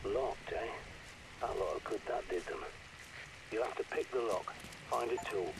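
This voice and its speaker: A hard-bitten older man guiding a survivor through a game over the radio, terse and grim. His voice sits very low. Steady rain and street noise hiss clearly behind him. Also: unhurried.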